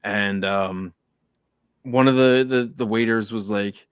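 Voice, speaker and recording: A man's voice: lowish voice, steady tone, slow, clean tone, dry recording, studio quality. A man co-hosting a casual podcast, telling heartfelt stories and acting out quoted lines. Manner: earnest storytelling, acts out quotes. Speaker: podcast co-host.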